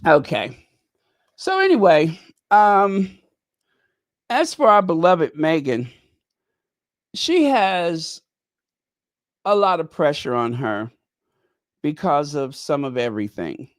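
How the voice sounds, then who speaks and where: A middle-aged man from Chicago hosts his own channel in a loose, conversational monologue. His voice sits a little high, and he wanders through his story with animated asides and laughs at his own jokes. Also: takes it slowly, long pauses. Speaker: channel host.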